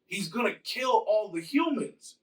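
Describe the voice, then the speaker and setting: A man's voice: sits high, expressive, unhurried, a bit bright, recorded from a distance, pitched above the performer's own voice, poor audio. A man voicing a solemn male thunder god who speaks formally and with command.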